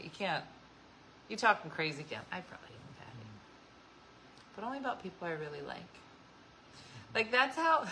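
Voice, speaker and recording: A woman's voice: on the low side, pushed and bright, a little hiss or hum, rough recording. A woman hosting a casual chat show, talking with viewers, laughing often and acting out what people said. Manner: chatty, laughs often, acts out quoted voices. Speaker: host.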